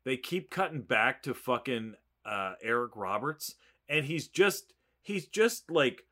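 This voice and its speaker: A man's voice: mid-range voice, sing-song, slow pace, bright, forceful tone. A man in casual chat, swearing constantly in a mocking, sarcastic way. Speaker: podcast co-host.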